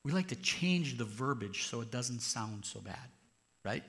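A man delivering a sermon in a bright, forward voice. He preaches the way a pastor talks to his congregation: earnest and conversational rather than formal. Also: medium pitch, animated, measured pace.

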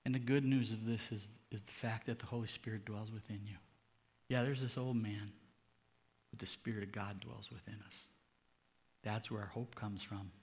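A man's voice: lowish voice, steady tone, normal speed. A man, a pastor, preaching a sermon in an earnest, conversational way.

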